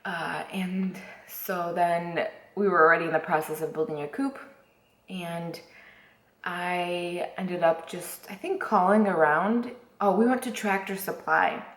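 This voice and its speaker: A woman's voice: lowish voice, fairly even intonation, unhurried, a bit bright, echoey room. A woman vlogger chatting casually to camera, rambling with lots of fillers and restarts.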